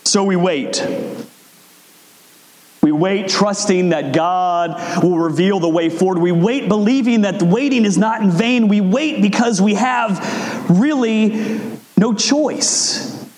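A man preaching a sermon in a conversational way, acting out quotes with big swings in pitch. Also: unhurried, darkish tone. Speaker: pastor. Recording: echoey hall with long reverb.

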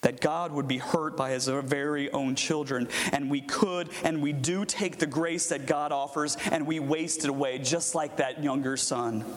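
A male pastor giving a conversational sermon, animated and quick to laugh. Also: on the high side. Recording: long hall reverb, faint hiss.

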